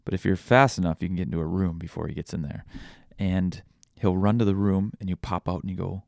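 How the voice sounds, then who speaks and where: A man's voice: deep voice, fairly even intonation, fast talker, vocal fry, a little mellow, dry recording, studio quality. A man in his thirties hosting a podcast, musing aloud in a candid, rambling way full of restarts. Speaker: podcast host. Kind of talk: reflective monologue.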